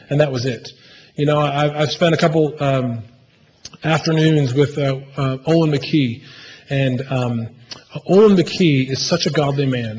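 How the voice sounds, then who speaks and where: A man's voice: a little high, dull audio. A pastor preaching a conversational sermon in a church, often restarting his phrases and checking in with "right?". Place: church sanctuary. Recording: church hall reverb, faint room noise.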